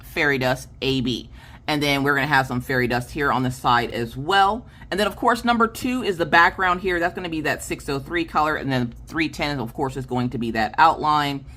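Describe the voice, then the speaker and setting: A chatty woman with a low voice talks through a craft unboxing. She gets excited, then catches and corrects her own slips. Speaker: craft video host. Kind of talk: casual unboxing chat.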